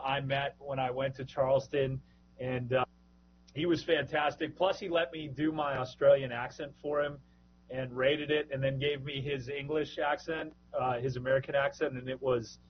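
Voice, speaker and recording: A man chatting casually on a podcast as a regular host, joking and lively. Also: mid-range voice, highs cut off, a little hiss or hum. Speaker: minor league baseball broadcaster, podcast host.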